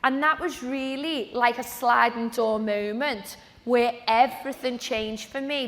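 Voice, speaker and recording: A woman with a high, bright voice tells her own story to an event audience in a motivational talk. She chats along and acts out the conversations she remembers. Her voice rings through an echoey large hall from a stage microphone. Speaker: speaker at a training event. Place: event venue with a live audience.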